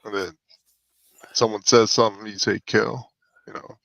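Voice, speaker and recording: A man's voice: lowish voice, little pitch movement, moderate pace, fairly bright tone, dull audio, a little hiss or hum. A man with a Midwestern accent chatting casually, rambling with giggles and frequent restarts. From United States. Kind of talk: casual chat.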